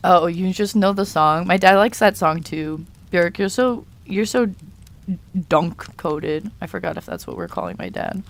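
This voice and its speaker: A young woman chatting casually on a live stream while she draws, playfully reading and answering chat messages. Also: on the low side. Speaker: art streamer.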